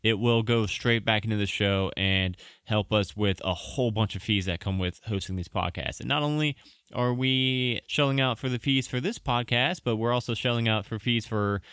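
A man's voice: fairly low pitch, moderate pace, a bit bright, smooth, no room sound, clean studio sound. A man hosting a podcast, rambling through announcements and apologizing as he goes. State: out of breath. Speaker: podcast host. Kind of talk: casual podcast outro.

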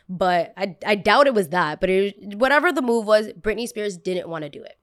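A woman hosts a casual podcast in a lively, chatty voice at a mid-range pitch. She rambles and curses freely, slipping into quick voices for the people she quotes. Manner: animated and chatty, swears casually, acts out quotes. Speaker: podcast host.

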